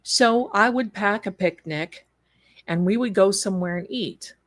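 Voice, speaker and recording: A woman from Tennessee, a guest on a live stream, spins a lively yarn at an unhurried pace in a medium-pitched voice. She's animated and quick to laugh, quoting others in put-on voices as she tells her story casually.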